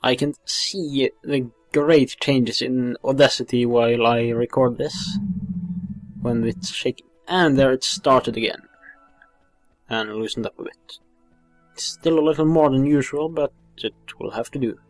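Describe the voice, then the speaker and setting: A man's voice: medium pitch, steady tone, unhurried, dry recording. A man giving casual, chatty commentary while playing a video game. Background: faint game music.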